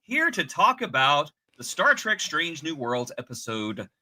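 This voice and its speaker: A man's voice: fairly high pitch, very animated, a little slow, pushed and bright. A man hosting a casual podcast, joking and theatrical as he banters with his co-hosts. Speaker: podcast host.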